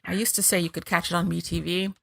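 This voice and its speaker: A woman's voice: fairly low pitch, flat delivery, brisk, creaky, no room sound, clean studio sound. A woman hosting a podcast, chatting casually and laughing often as she reads out episode notes. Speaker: podcast host.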